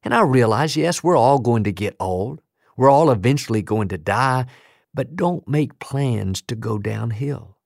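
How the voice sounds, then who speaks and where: A man's voice: mid-range voice, animated, measured pace, gravelly, darkish tone, dry recording, studio quality. A man preaching a sermon as pastor, emphatic and building rhythmic lists of declarations.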